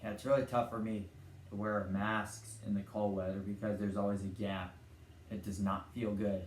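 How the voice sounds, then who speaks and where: Low-voiced young man rambling in an echoey room. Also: level tone, normal speed. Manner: meandering, retells cartoon scenes and puts on short character voices. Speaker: channel host. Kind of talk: casual rambling vlog talk. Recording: echoey room with faint ambient noise.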